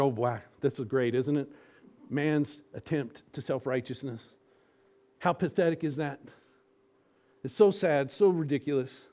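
In a medium-pitched voice, a preacher delivers a lively sermon, firing off rhetorical questions and moving between forceful, loud emphasis and soft, slow pleas. The audio sounds dull.

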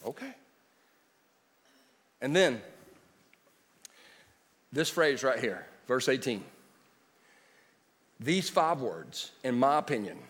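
A man preaching a sermon, moving between loud declarations and quiet storytelling. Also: mid-range voice, sing-song, slow pace, long pauses, husky. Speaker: pastor. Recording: long hall reverb.

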